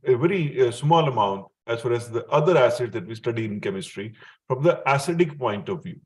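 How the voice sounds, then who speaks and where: An Indian man gives a chemistry lesson at a mid pitch. He explains terms slowly and in steps, and he often stops to check that the student is following. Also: animated. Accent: Indian English. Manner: checks in with the student often, chuckles at his own remarks. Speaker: chemistry teacher. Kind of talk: explanatory classroom lecture.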